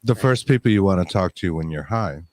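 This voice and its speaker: A man co-hosting a casual podcast chimes in with short agreements and jokes. His pitch moves around a lot as he speaks. His voice sounds dry and close, with no room echo. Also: lively intonation, a little fast, a little mellow. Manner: joking asides and short backchannels. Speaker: podcast co-host. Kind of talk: casual chat.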